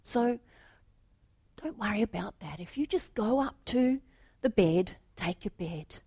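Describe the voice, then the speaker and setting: Woman playing a soft-spoken hotel clerk in a told story: calm, quiet, unhurried. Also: mid-range voice, slightly rough. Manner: soft, unhurried, half-whispered. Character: calm unbothered male hotel manager.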